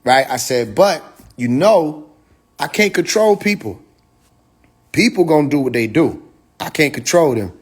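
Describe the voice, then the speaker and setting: Livestream host, man, talks straight to viewers over a phone, pitch a bit high, profane and excitable. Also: measured pace, long pauses, breathy edge. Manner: excitable, laughs often, swears freely. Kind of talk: casual livestream monologue.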